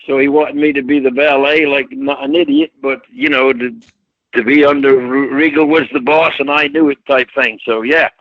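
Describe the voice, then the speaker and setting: In a storytelling interview, an older retired wrestler from Scotland shares folksy anecdotes and acts out whoever he quotes. He talks at normal speed with a medium, fairly even voice. The recording is muffled and has no room sound.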